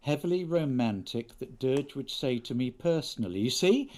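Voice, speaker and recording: A man's voice: mid-range voice, expressive, normal speed, a little mellow. A man from England chatting casually and playfully on a live stream while he signs prints for fans. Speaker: actor signing prints for fans.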